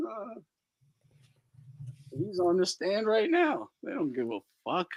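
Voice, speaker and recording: A man hosting a boxing talk podcast in a loud, profane, mocking chat. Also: sits high, wildly swooping pitch, takes it slowly, long pauses. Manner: loud, profane, laughing mockery. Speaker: podcast host. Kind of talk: casual chat.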